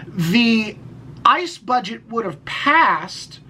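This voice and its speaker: A man's voice: very high-pitched, sing-song, very slow, pushed and bright, low-quality recording. Podcast co-host, male, rambling and swearing, faint hiss behind. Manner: rambling, many restarts and fillers, swears. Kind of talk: casual political chat.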